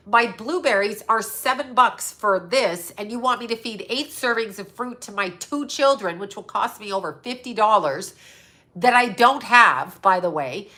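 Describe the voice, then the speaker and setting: On her own channel, a middle-aged psychic medium rants at her viewers in a high-ish, pushed, bright voice. She's angry and sarcastic, swearing often.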